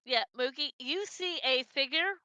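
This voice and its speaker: A woman with a bright, forceful voice, running a tabletop game as game master. Her pitch sits somewhat high and she stumbles and repeats words as she narrates the scene. The sound is dry and slightly dull, as on a lo-fi mic with faint music behind. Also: measured pace, no echo.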